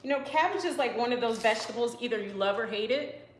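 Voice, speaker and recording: A fairly high-pitched woman hosts a casual live cooking stream from her home kitchen. She rambles cheerfully, answering viewer comments between steps. The sound is roomy, with a faint hum behind her. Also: lively intonation, quick pace. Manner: chatty and rambling, full of "you know" and "like", answers comments as she cooks. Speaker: professional chef and live-stream host.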